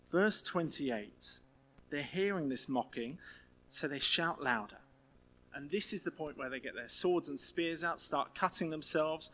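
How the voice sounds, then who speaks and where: A man preaching a sermon in a lively, humorous, conversational way. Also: on the high side.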